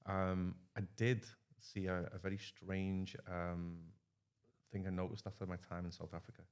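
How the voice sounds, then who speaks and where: A man's voice: low voice, little pitch movement, moderate pace, smooth. A man in his thirties telling rambling stories in a casual podcast chat. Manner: rambling storyteller, acts out quoted dialogue. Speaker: podcast guest.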